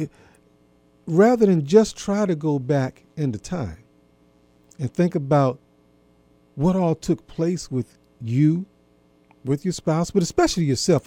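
A man giving an earnest, gently instructive talk to listeners about marriage, often repeating himself. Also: fairly high pitch, no room sound. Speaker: marriage and intimacy speaker.

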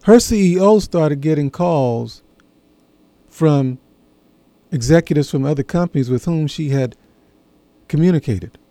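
A man telling a personal story in a reflective monologue, earnest and measured, pausing between phrases. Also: fairly high pitch, animated, warm tone, dry recording. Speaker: speaker sharing a personal story.

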